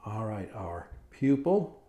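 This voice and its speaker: A man's voice: fairly low pitch, big pitch swings, slow pace, dark tone. A middle-aged man, a cartoonist, leads a step-by-step drawing lesson for children in a friendly, encouraging way, often checking in with "right?".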